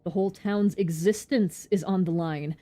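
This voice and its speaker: Cold, lecturing male leader, pitched low, a woman putting it on. Soft game music under the voice. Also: moderate pace, lightly acted. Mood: stern. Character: gruff male doctor-leader, stern and cold.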